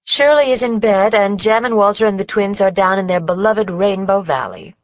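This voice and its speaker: A woman reading the part of a young mother who speaks in a lively, brisk way. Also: medium pitch, no echo, muffled recording, close to an everyday voice. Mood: fond.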